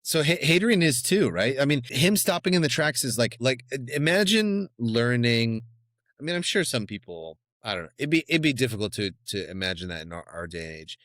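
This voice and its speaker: A man co-hosting a book club podcast, retelling scenes of a novel in a lively, conversational way. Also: mid-range voice, a little fast, no echo, studio quality. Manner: animated retelling, acting out scenes. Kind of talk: casual book discussion.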